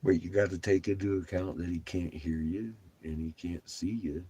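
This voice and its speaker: A man's voice: low voice, fairly even intonation, normal speed, dark tone, slightly rough, low-quality recording. A laid-back man vlogging from the road, who chats casually, swears freely and often laughs. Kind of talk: casual chat.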